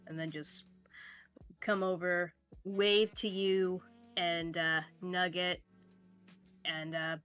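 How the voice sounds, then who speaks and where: A woman narrating a tabletop game as game master, talking in a relaxed way with fillers and laughs. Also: medium pitch, slow, smooth, soft background music.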